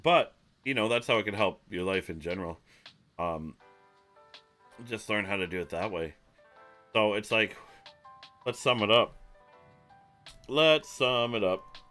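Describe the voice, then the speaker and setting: A man's voice: on the low side, moderate pace, pauses often, pushed and bright, soft background music. A man streaming live, talking casually and rambling, with jokes and some swearing. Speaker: online marketing streamer. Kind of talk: casual livestream talk.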